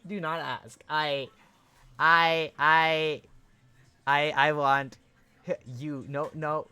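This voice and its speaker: A young man hosting a casual live stream, chatting excitedly with viewers, swearing and laughing as he reacts to chat. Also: fairly high pitch, very slow, long pauses, clear, resonant tone, no room sound, soft background music. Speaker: livestream host.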